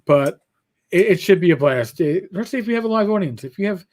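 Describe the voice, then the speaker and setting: A middle-aged livestream co-host speaks fast and expressively in a high, slightly mellow voice. His casual chat is full of rambling stories, swearing, and lots of restarts.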